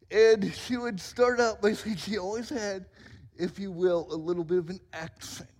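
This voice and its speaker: A man's voice: sits high, moderate pace, a little mellow. A man in his forties preaching a sermon as pastor, in a playful, self-mocking storytelling manner. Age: 40s. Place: church sanctuary. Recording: reverberant church hall.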